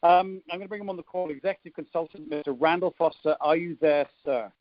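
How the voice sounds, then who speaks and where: On a conference call, a fifty-something Englishman plays host, joking through the introduction in a chatty, teasing style peppered with ums. He talks fast in a slightly high, fairly even voice, and the phone-line sound is dull and dry with no echo.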